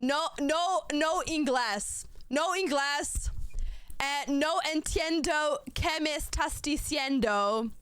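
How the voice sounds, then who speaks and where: A woman's voice: high-pitched, a bit bright, dry recording, pitched above the performer's own voice. Woman putting on a fake no-English Spanish speaker. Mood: teasing. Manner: slow, exaggerated, halting broken phrases. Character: playful pretend Spanish speaker who insists she speaks no English.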